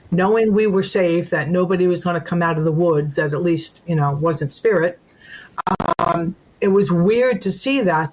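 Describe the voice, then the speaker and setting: A woman who runs paranormal events, telling a story in long run-on sentences in a casual chat. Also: fairly low pitch. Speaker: event host, paranormal investigator.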